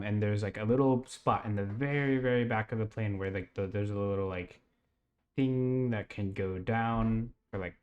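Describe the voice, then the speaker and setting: A man's voice: on the low side, a little mellow. Young man, casual storytelling, rambling, filler-heavy. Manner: rambling, many fillers and laughs. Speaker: podcast host. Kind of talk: casual dream retelling.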